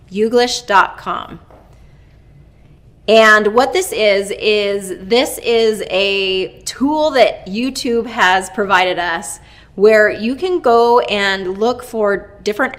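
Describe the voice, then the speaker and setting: A woman walks learners through a website in a calm, instructive tone. She speaks slowly, at a middle pitch. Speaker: English teacher. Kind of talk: online lesson.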